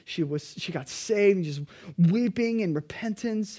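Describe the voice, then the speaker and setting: Male pastor, higher voice, earnest emphatic sermon delivery. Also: moderate pace. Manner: emphatic preaching, pleading then quietly earnest.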